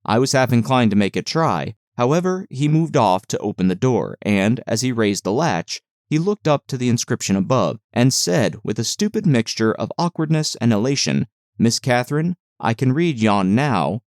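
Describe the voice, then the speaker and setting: A man narrating a classic novel as an audiobook, in a measured, even reading voice. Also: mid-range voice, no room sound, clean studio sound. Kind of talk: scripted literary narration.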